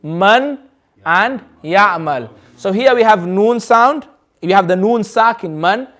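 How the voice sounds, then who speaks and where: A man's voice: sits high, expressive, slow pace, fairly bright tone. A man teaching a Quran recitation class in a community centre, patiently quizzing his students and modelling the sounds aloud. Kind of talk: classroom lesson.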